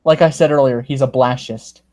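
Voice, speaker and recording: A man's voice: medium pitch, steady tone, normal speed, dark tone. A man hosting a casual livestream, joking sarcastically and reading viewer comments aloud. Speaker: livestream host.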